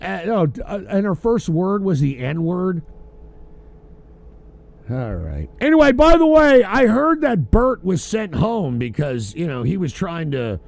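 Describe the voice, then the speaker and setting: A tipsy man hosting a call-in livestream, ranting loudly and profanely. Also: on the high side, sing-song, takes it slowly, creaky. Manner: loud, profane, rambling rant. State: drinking, tipsy. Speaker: host of a call-in livestream show.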